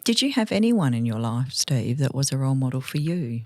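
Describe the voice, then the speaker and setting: A woman hosting an interview, asking her guest gentle follow-up questions. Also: rumbling low, big pitch swings, a little fast, no room sound, studio quality. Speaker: interviewer, host. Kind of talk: conversational interview.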